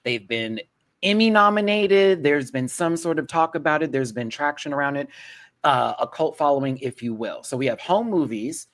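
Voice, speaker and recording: A man hosting a casual panel chat, sassy and animated, with quick asides. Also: a little high. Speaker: host.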